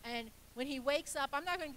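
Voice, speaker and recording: A woman pastor delivers a sermon in a high, bright voice. She preaches conversationally, with restarts and asides, and acts out the voices of the people in her stories. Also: a little fast, slight background noise, low-quality recording. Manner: acts out quoted voices in storytelling.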